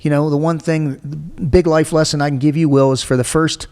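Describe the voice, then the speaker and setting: A man in his forties, a guest in a casual interview, tells a story from his own life in a blunt, animated way full of swearing. His voice is fairly high and he talks fairly quickly. The recording has a big-room sound.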